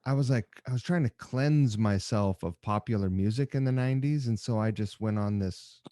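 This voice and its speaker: A man hosting a podcast, asking curious questions and wandering into relaxed, rambling asides. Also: lowish voice, moderate pace, dry recording, studio quality. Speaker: podcast host. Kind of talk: casual interview.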